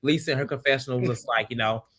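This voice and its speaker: A man hosting a casual recap show, retelling scenes in an animated way with lots of laughter. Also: mid-range voice, fast talker. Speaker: podcast host.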